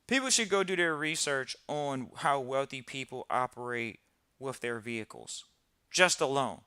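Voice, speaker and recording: A man hosting a live podcast in casual talk, animated and repeating phrases for emphasis. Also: medium pitch, moderate pace, clean tone, no room sound, clean studio sound. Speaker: podcast host.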